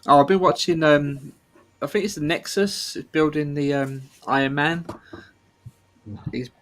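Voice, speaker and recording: A man's voice: on the high side, steady tone, measured pace, a bit bright. A man chatting on a live build stream, encouraging the builder and reading out steps. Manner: encouraging, gives build instructions. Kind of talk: casual chat.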